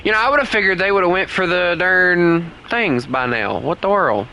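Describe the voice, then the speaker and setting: Bright-voiced Southern US gamer man. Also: high-pitched, animated, normal speed, vocal fry, a little hiss or hum. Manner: rambling, full of "like" and restarts. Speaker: gaming streamer. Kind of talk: casual gameplay commentary.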